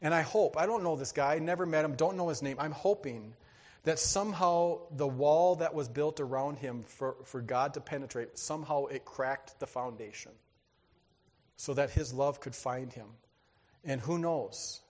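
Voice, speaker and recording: A man preaching a sermon, telling a story with lively energy, acting out voices and laughing often. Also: fairly high pitch, moderate pace. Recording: hall reverb.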